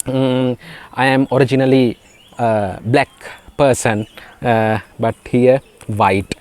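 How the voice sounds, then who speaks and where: Teaching beginner spoken English, this Sri Lankan man whose first language is Sinhala speaks in a halting way, with lots of fillers and repeated words. His mid-range voice has fairly even intonation and a darkish, clean tone.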